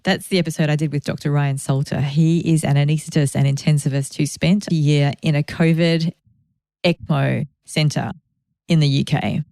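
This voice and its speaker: A woman's voice: sits low, fairly even intonation, normal speed, vocal fry, mellow, dry recording, studio quality. A woman hosting a podcast, talking in a reflective, conversational way with grateful asides. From Australia. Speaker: podcast host. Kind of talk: reflective solo podcast talk.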